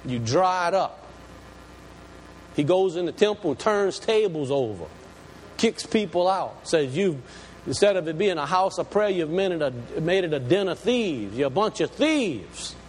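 A man preaching a sermon, dramatic, swinging between loud exclamations and hushed lines, in a large church. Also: sits high, lively intonation, normal speed. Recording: long hall reverb, faint room noise.

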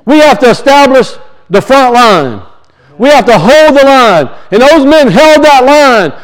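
A man preaching an impassioned sermon in a church, repeating phrases and swinging between loud emphasis and quiet. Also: very high voice, big pitch swings, unhurried, poor audio. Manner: impassioned, repetitive, rising and falling emphasis.

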